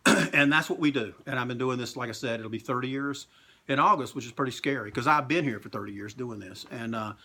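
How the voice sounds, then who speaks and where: A middle-aged man, a comic book store owner, telling stories in a casual interview, animated and swearing freely. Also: medium pitch, brisk.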